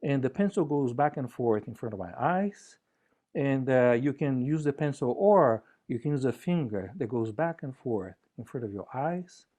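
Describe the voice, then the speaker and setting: Man leading gentle playful exercises. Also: mid-range voice, lively intonation, moderate pace. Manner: playful, joking, gently guiding. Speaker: conference speaker. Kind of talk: relaxed talk with exercises.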